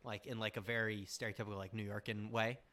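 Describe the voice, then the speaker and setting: A man's voice: fairly low pitch, little pitch movement, fast, pushed and bright. A man in his twenties co-hosting a casual podcast, laughing often as he talks. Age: 20s. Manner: giggly, laughs through his sentences. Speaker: podcast co-host. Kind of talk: casual chat.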